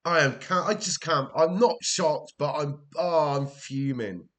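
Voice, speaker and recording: A man's voice: a little high, a little slow, fairly bright tone. Welsh man, gameplay commentator, exasperated, swears, talks to himself. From Wales.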